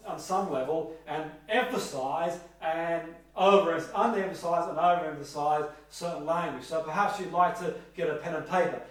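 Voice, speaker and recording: A middle-aged man teaching a seminar on hypnotherapy, speaking haltingly with many ums and slow, emphatic pauses. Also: fairly high pitch. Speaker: hypnotherapy trainer. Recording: echoey room, heard from a distance.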